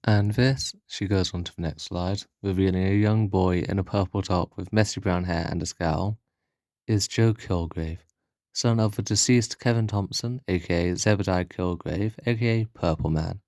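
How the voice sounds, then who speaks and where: A man reads his own fan story pitch aloud, breaking off now and then for casual asides. His voice is very deep. The sound is dry and close to the mic. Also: moderate pace, a little mellow, no room sound. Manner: casual asides between narration.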